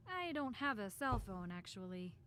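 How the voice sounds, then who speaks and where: A woman's voice: medium pitch, big pitch swings, moderate pace, fairly bright tone, slight background noise. An actress voicing a polite, plain-spoken young woman detective in a mystery game. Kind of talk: video game voice acting.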